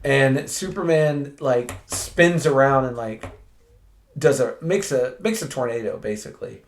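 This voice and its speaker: Brief: laid-back male podcast co-host, animated storyteller. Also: mid-range voice, a little slow, a little hiss or hum. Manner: animated, laughs often. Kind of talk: casual chat.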